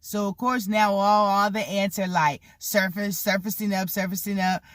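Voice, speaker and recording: This is a person in their thirties spinning childhood stories for a vlog, with a voice sitting at a mid-range pitch. The delivery is loose and animated, full of casual cursing and "like" fillers. The sound is close and dry, with no room echo. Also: normal speed. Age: 30s. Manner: animated, swears freely, acts out the people in the story; heavy use of "like" and "you know" fillers. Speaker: vlogger telling a story.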